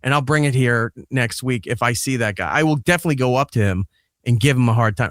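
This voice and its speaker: A man with a medium-pitched voice talks fast as he tells a casual, swear-filled story and acts out the quoted lines. He's a podcast host and father, recorded dry with studio quality.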